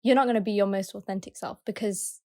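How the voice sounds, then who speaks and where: A woman's voice: mid-range voice, steady tone, fast talker, darkish tone. A woman co-hosting a podcast, talking in an earnest, rambling way and searching for her words. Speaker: podcast co-host. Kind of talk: casual chat.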